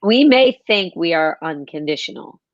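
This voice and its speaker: A woman's voice: lowish voice, expressive, normal speed, no echo, lo-fi sound. A woman hosting an interview, affirming her guest and thinking aloud with many restarts. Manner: warmly affirming, rambling with restarts. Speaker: podcast host. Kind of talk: conversational interview.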